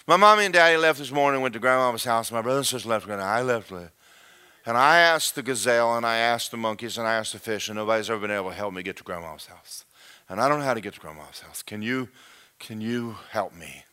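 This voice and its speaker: A man's voice: high-pitched, animated, fairly quick, hardly any pauses, sharp tone, heavily acted. A man voicing a small lost young creature, pleading in a breathless, repeating rush.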